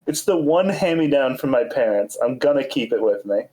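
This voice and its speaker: A man's voice: medium pitch, expressive, brisk, dark tone, rough recording. A man playing a tabletop game as a player, talking in a dry, joking way.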